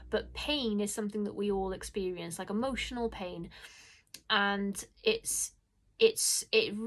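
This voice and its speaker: A woman casually recommending horror stories in a chatty, gushing vlog, with lots of fillers and restarts. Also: medium pitch. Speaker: horror book reviewer.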